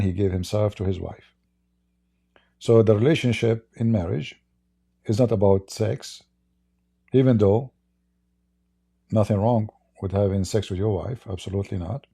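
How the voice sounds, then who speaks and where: A man's voice: lowish voice, creaky, warm tone, slightly rough. A man with an Arabic accent speaking to viewers as an online religious debater, sarcastic and repetitive, with stammering restarts. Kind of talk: addressing viewers in a stream.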